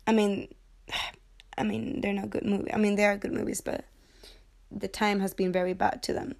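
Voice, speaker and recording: A woman talking loosely about films she watched, in a casual, joking way. Her pitch sits in the middle for a woman. She swears freely and keeps drifting onto tangents before pulling herself back. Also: little pitch movement, normal speed, gravelly, darkish tone. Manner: rambling, jokey, swears freely, goes off on tangents. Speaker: movie review vlogger. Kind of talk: casual movie chat.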